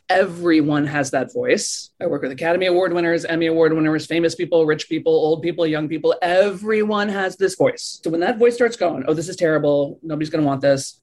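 Breathy-voiced woman chatting in an interview, lively, acts out little inner voices. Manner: animated, acts out inner voices with big pitch swings. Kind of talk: conversational interview.

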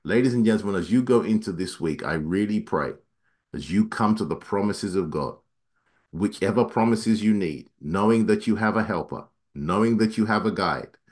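Here a man delivers a sermon with dynamic swings, going high when he emphasizes something and dropping to a quiet, low tone afterward. Scripture comes out at a fast clip.

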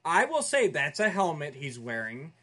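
Lively, jokey man podcaster. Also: a little high, moderate pace. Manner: playful, jokey, animated. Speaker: podcast co-host. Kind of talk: casual chat.

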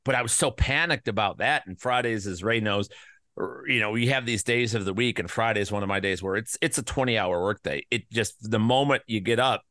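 A male podcast host with a bright, forceful voice, recorded close and dry with no room sound. He rambles loosely and throws in crude jokes, and his voice sounds slightly worn from an illness he is getting over. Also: on the low side, fairly quick, no echo. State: recovering from covid, voice slightly worn. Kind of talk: casual podcast chat.

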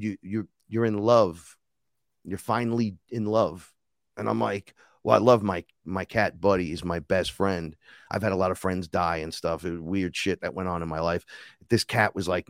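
Man, low voice, dry close sound, casual podcast guest, animated storyteller, acts out quotes, swears freely. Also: no room sound. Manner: animated, profane storytelling, acting out quoted dialogue. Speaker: podcast guest, rapper and shaman.

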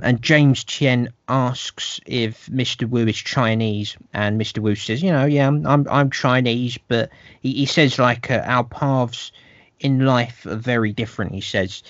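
A man's voice: fairly low pitch, fairly bright tone, dry recording. Man recapping a film, dry sound. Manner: rambling, restarts, puts on quoted voices. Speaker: podcast co-host. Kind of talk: casual film recap chat. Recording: dull, slightly muffled, dry sound.

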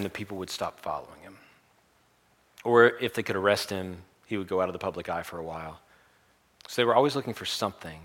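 A man delivering a sermon in a low, forceful voice. He retells a story with animated energy, swinging between quiet asides and loud chanted crowd lines. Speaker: preacher.

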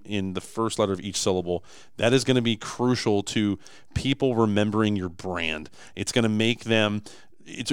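This man co-hosts a laid-back podcast and also owns a business; he talks animatedly and emphatically, often starting over mid-sentence. His voice sits on the low side with a clear, resonant tone. The audio is dry, clean studio sound.

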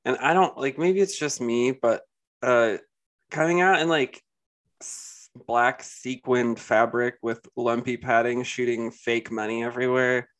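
A man's voice: medium pitch, steady tone, unhurried, fairly bright tone. A man co-hosting a casual podcast, rambling with lots of fillers and giving blunt opinions. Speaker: podcast co-host. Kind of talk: casual chat.

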